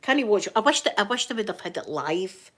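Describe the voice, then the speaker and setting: A woman's voice: mid-range voice, sing-song, brisk. Scottish woman, casual live-stream chat, rambling storyteller, laughs a lot. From Scotland.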